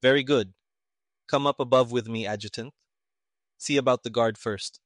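A man reading an audiobook, voicing a brusque, irritable army colonel who snaps crisp commands. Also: medium pitch, fairly even intonation, normal speed, no room sound, clean studio sound, natural voice. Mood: impatient, commanding.

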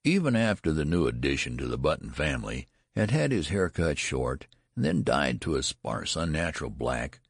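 A man reads a story aloud in a very deep, gravelly voice with a husky edge. His storytelling swings through a wide pitch range, and the sound is dry and close to the mic. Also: big pitch swings, normal speed, few pauses, dry recording. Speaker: narrator. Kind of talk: audiobook reading.

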